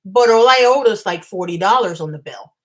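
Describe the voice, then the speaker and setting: A woman vlogger on a live stream at home, telling a story in a fast, agitated rush and stumbling over her words. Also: medium pitch, animated, poor audio. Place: home apartment.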